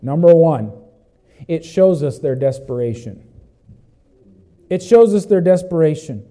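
A man preaching a sermon, emphatic and repetitive, asking the congregation questions and swinging between loud cries and low, intense passages. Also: animated, unhurried, long pauses, rough recording. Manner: repeats phrases, asks the congregation questions. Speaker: pastor.

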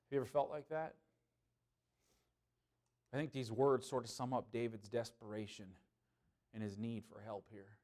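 A man, a pastor, preaching a sermon with passion, swinging between loud pleading and hushed earnestness. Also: mid-range voice, fairly even intonation, moderate pace, pauses often.

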